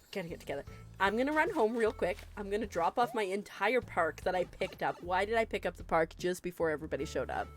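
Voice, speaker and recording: A woman chatting casually with viewers during a live game stream, excitable and quick to gasp and laugh. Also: mid-range voice. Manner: excitable, gasping and laughing often. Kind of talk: casual live-stream chat while gaming.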